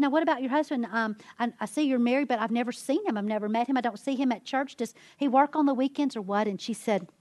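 A woman giving a sermon-style testimony, an animated storyteller who acts out the quotes she tells. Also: medium pitch, no room sound. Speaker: women's ministry speaker.

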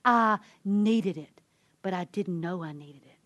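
Animated woman sharing testimony. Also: a little slow, dry recording, muffled recording. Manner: animated storyteller, acting out quotes in a high voice. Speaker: women's ministry speaker. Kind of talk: sermon-style testimony.

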